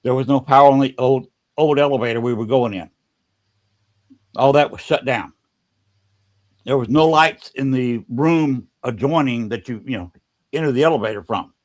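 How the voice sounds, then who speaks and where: A man hosting a podcast, telling a story in a casual, halting way and often repeating words. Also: medium pitch.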